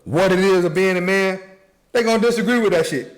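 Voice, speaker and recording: Laid-back guy, kinda high voice, chiming in on a podcast chat. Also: fairly quick. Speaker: podcast co-host. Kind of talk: casual group chat.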